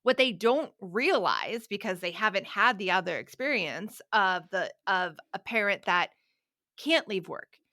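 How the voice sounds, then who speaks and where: Bright, lively mom podcast host. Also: female voice, mid-range voice. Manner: loud, impassioned, quick tangents. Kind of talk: casual chat.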